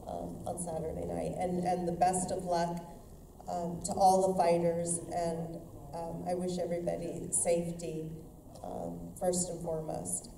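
A low-voiced woman boxer speaks at a weigh-in, choked up and halting. She stumbles over fillers as she goes. The sound is distant and echoey, with background noise. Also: monotone, creaky, mellow. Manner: halting, with many fillers and restarts. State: choked up, tearful. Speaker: professional boxer. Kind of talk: emotional weigh-in speech. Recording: echoey hall, far mic, background noise.

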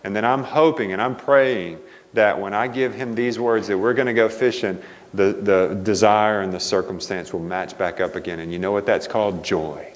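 A middle-aged male pastor giving a sermon, telling a family story with lively quoted dialogue. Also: lowish voice, normal speed. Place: church sanctuary. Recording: long church reverb.

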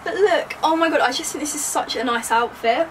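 This fashion vlogger, a young woman, chats casually during a try-on haul at home, bubbly and giggly as she jokes with viewers. Her voice is high-pitched and a little fast. The recording is rough, with a faint hiss or hum.

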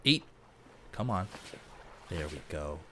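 A let's play host narrates his way through a survival game, chatty and playful, joking to himself as he describes each move. His pitch rises and falls widely between lines as he reacts, and his tone is expressive and sharp. He takes it slowly, and the commentary is casual, loose and unscripted.

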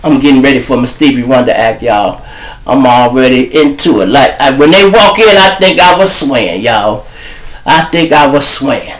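A man hosting his own show, telling profane street stories in an animated way. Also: mid-range voice, normal speed, poor audio. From Chicago. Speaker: show host. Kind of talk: storytelling monologue.

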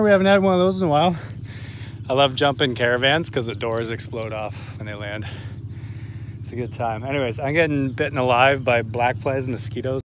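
A man's voice: mid-range voice, normal speed, a bit bright. A man hosting a laid-back, chatty vlog outdoors at a scrapyard, laughing often. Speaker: vlog host. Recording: outdoor noise behind.

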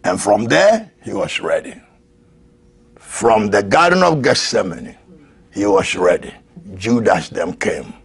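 A man preaching a sermon, swinging from shouted peaks to low murmurs and laughing often. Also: very animated, slow, vocal fry, husky.

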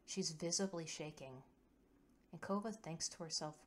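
Low-voiced woman narrating a story. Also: normal speed. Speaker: storyteller recapping a tabletop game.

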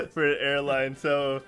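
A man hosting a casual geek podcast, laid-back and quick to laugh. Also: a little high, bright, forceful tone. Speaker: podcast host. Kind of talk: casual chat.

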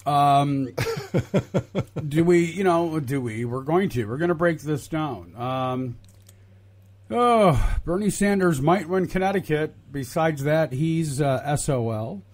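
A man co-hosting a casual political talk show, speaking deliberately with a wry, mock-exasperated edge and frequent hesitations. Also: fairly high pitch, expressive, darkish tone. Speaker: political podcast co-host.

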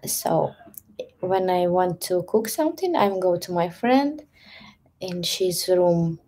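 On a live stream, a stretching coach from Ukraine chats casually, her halting English carrying a Russian accent and broken by soft whispers. Her voice is fairly low and expressive.

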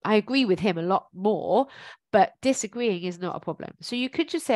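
A woman talks through advice like a life coach, in a friendly, encouraging way that keeps circling back with ums. Her voice sits at an ordinary middle pitch. The recording is close and dry, with no room sound. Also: lively intonation, a little fast, darkish tone, no room sound. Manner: chatty and encouraging, thinks aloud with many ums. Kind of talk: informal coaching talk.

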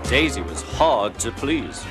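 Male storybook narrator, unhurried, lively intonation, music bed under the voice. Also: mid-range voice. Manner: gentle, expressive storytelling.

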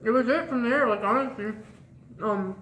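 A woman's voice: fairly high pitch, normal speed, fairly bright tone, a little hiss or hum. A young woman telling a rambling first-date story to her viewers in casual chat, full of "like" and "um". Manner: chatty, rambling, lots of "like" and "um". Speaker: vlogger. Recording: echoey room.

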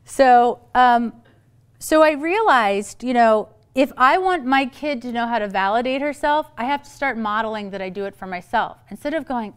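A middle-aged woman psychologist giving a playful, lively talk on parenting to an audience, with quick asides. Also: on the high side, smooth. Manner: playful, quick asides, acts out quoted voices.

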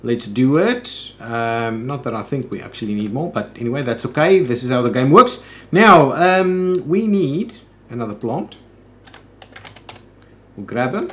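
A man's voice: medium pitch, expressive, unhurried. A man hosting a let's play, thinking aloud in casual commentary with frequent "ooh"s and "um"s.

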